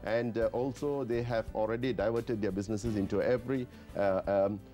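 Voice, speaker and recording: Rambling older man with a low voice. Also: steady tone, a little fast, dark tone, soft background music. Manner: rambling, repeats "you see". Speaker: president of a traders association, studio guest. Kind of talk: radio interview.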